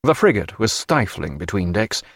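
A man narrating an audiobook in a measured, expressive reading. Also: lowish voice, gravelly, no room sound, clean studio sound.

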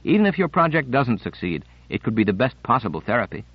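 A man's voice: mid-range voice, sing-song, fast, slightly rough, dry recording, muffled recording. A man reading a cautious, caring doctor's reassuring lines in an audiobook. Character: cautious, caring male physician.

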